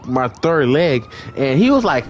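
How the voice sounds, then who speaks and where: Sing-song and a touch slow, a young man's voice carries a long, rambling story in relaxed conversation, heavy on fillers. He mimics the other characters in high voices, with slight background noise behind him.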